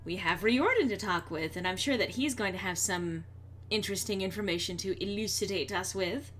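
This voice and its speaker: A woman streamer talking casually over a video game at her desk microphone. Her voice sits at a medium pitch, and her remarks are chatty and sardonic. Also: brisk, a bit bright. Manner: chatty and sardonic, laughing often. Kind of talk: casual gameplay commentary.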